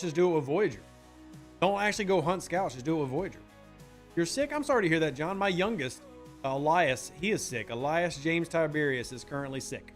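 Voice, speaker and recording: A man's voice: on the high side, a bit bright. A man streaming a game live, chatting casually and answering his viewers' messages. He is from the United States.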